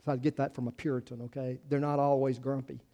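A man's voice: medium pitch, little pitch movement, fast, dark tone. A man preaching a conversational sermon as a pastor, informal and chatty, with wry asides to the congregation. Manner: informal and chatty, many fillers and restarts.

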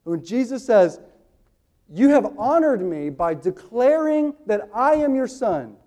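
A man in his thirties preaching a sermon, booming slow on quoted lines and dropping quick and hushed in his asides. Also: sing-song. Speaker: pastor.

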